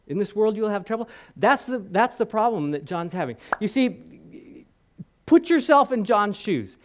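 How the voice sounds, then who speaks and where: A man preaching a sermon in church, telling a Bible story with animated acted-out quotes and questions to the congregation. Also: high voice, measured pace. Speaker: guest preacher. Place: church hall.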